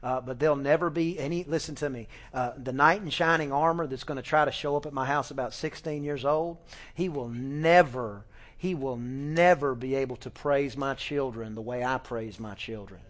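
A middle-aged man preaching a sermon in a folksy, animated way, with fillers and restarts, sometimes acting out family conversations. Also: medium pitch, moderate pace. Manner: acts out family dialogue with shifting voices. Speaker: pastor.

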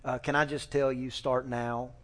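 A middle-aged man preaching a sermon in a folksy, animated way, with fillers and restarts, sometimes acting out family conversations. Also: mid-range voice, moderate pace. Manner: acts out family dialogue with shifting voices. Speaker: pastor.

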